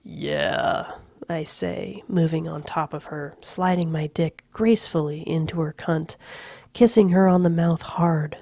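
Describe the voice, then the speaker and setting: A woman reading a novel aloud in a slow, hushed, gravelly voice, sometimes dropping to a whisper. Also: low-pitched, fairly even intonation. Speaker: reader. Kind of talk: audiobook-style novel reading.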